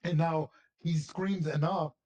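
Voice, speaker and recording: A man's voice: a little high, steady tone, slow, darkish tone. A man narrating a tabletop game as game master, rambling with frequent restarts and repeated words.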